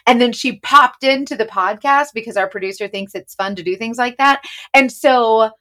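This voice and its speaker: A woman co-hosting a podcast in bubbly casual chat, often laughing between quick asides. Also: on the high side, sharp tone. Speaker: podcast co-host.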